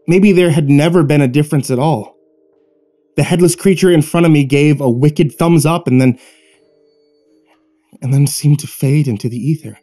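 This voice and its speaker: A man hosting his channel, narrating a first-person horror story with dramatic, tense pauses. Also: fairly high pitch, dark tone.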